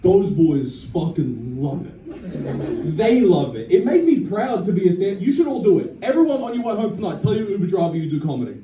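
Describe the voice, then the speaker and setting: A man's voice: high-pitched, very animated, moderate pace, warm tone, lo-fi sound. A young man doing a brash, profane live stand-up set, often laughing at his own jokes. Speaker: stand-up comedian. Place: comedy venue with a live audience. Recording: distant, echoey audience recording with crowd laughter.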